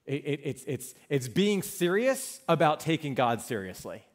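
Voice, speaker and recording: A male pastor preaching a sermon in a church, emphatic, asking the congregation questions and answering them, dropping to hushed low lines and rising to loud ones. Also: very animated, normal speed.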